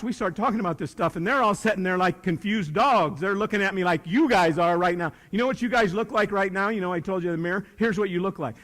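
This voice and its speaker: Older man, animated speaker in hall. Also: high-pitched. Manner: animated, swings from loud bursts to hushed asides. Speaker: motivational speaker. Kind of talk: live motivational talk. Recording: reverberant hall.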